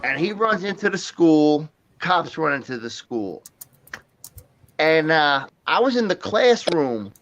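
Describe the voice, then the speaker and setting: A man's voice: on the high side, sing-song, slow, fairly bright tone, highs cut off, slight background noise. A man hosting a livestream, telling rambling, profane stories in casual chat and laughing often. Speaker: livestream host.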